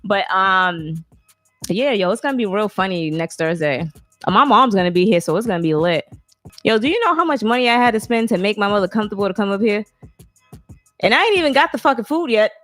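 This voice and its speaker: A woman co-hosting a podcast, bantering loudly, swearing and breaking into laughter. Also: medium pitch, animated, brisk, soft background music. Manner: loud, laughing, profane banter. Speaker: podcast co-host. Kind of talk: casual podcast chat.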